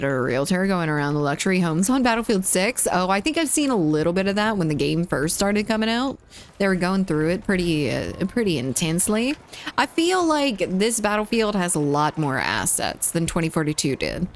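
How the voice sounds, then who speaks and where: A woman hosting a casual gaming live stream, her voice bouncing up and down in pitch as she talks. She giggles easily and keeps up a running chat with her viewers, reading their messages aloud and answering them. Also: sing-song, moderate pace, a little hiss or hum. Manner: giggly, reads chat aloud and chats back. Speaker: game streamer.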